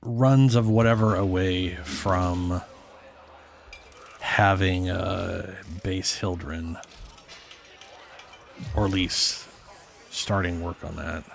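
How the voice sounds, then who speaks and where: A man doing casual gameplay commentary, slow and unhurried, with a lowish voice. He mumbles his thoughts half to himself, and a faint noise sits behind him. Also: fairly even intonation, vocal fry. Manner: laid-back, mumbling to himself. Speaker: gaming streamer.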